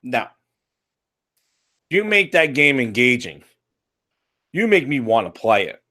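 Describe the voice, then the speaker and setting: With big pitch swings and a bright, forceful tone, this medium-pitched American man speaks slowly as he rants about a video game. The gaming commentator's monologue is profane, exasperated and sarcastic.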